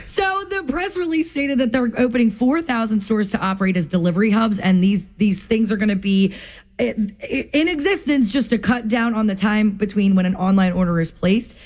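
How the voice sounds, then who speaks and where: A woman's voice: mid-range voice, lively intonation, brisk, a little mellow. A woman co-hosting a morning radio show, chatty and laughing often. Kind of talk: casual morning radio banter. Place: radio studio.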